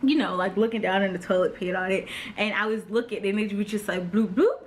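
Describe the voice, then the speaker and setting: A young woman in her twenties talking casually in a storytime vlog, chatty, full of "like" and quick laughs. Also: mid-range voice, fairly even intonation. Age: 20s. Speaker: vlogger.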